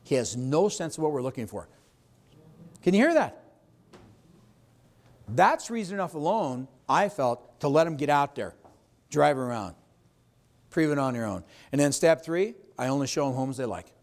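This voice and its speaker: A man runs a live sales training session for real estate agents, and his voice sits a little high. He leans on key words for emphasis and keeps asking the room whether it follows him. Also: darkish tone. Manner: emphatic, asks the audience questions.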